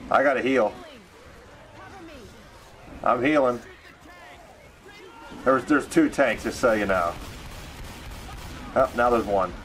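A man's voice: medium pitch, slow pace, pauses often, fairly bright tone, slight background noise. A man playing a co-op game, teasing his friend and swearing. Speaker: gamer. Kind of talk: casual co-op let's play chat.

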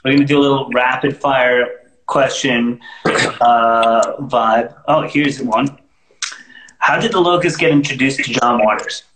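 Bright-voiced man hosting a livestream. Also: medium pitch, a little slow, echoey room, slight background noise, rough recording. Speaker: interview host. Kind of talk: casual livestream interview.

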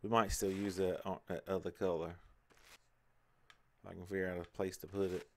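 A man's voice: sits low, flat delivery, a little fast, a little mellow, slight background noise. A man hosting a casual let's play, chatting and talking to himself as he plays. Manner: chatty, talks to himself while playing. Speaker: gaming channel host.

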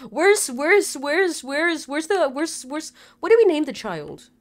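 A young woman streamer talks through a game live in a bright, high voice. Her pitch leaps wildly as she yelps at scares, then sinks into low, cursing mutters. The delivery is jumpy and loose. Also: big pitch swings, slow. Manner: jumpy and swearing, swings from shrieks to mumbles. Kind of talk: live gameplay commentary.

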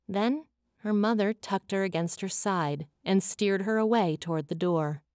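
A woman reads a fantasy audiobook with an expressive, dramatic lilt. Her voice sits at an ordinary middle pitch. The sound is dead dry and close to the mic. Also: measured pace, dry recording. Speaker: audiobook narrator. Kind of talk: scripted audiobook narration.

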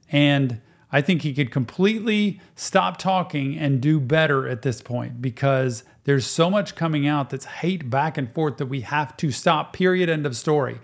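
A man who works as a therapist, hosting a casual reaction show and giving earnest advice. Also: fairly high pitch. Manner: earnest, advising.

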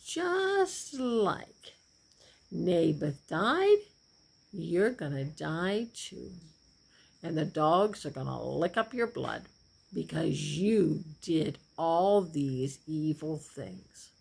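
A woman's voice: low-pitched, very animated, extremely slow, gravelly, a little mellow, husky, pitched below the performer's own voice, exaggerated voice. A woman voicing a stern prophet delivering a grave warning in a children's Bible story. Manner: grave, solemn.

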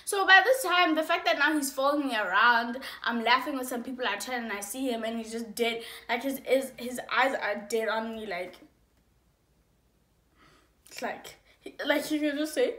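A young woman vlogger telling a storytime tale in a casual, animated way, acting out her own lines. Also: fairly high pitch, normal speed, reverberant. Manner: animated, acts out dialogue with big swings in loudness.

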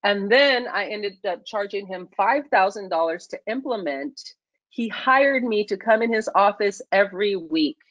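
A woman speaking on a video call, telling a personal story with lively acted-out dialogue. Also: mid-range voice, normal speed, dry recording, dull audio. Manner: animated, acts out her own and others' lines. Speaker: featured speaker.

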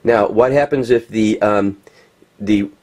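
A man giving impassioned, rambling commentary while showing pictures, swearing and filling pauses with ums and uhs. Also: on the low side, a little mellow. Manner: heated, rambling, swearing, many fillers. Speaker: political commentator.

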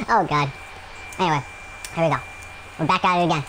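A man's voice: a little high, animated, normal speed, fairly bright tone, slight background noise, low-quality recording. A man giving gameplay commentary at home, rambling with many fillers and breaking into yelps and rants at the game. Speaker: gaming channel host.

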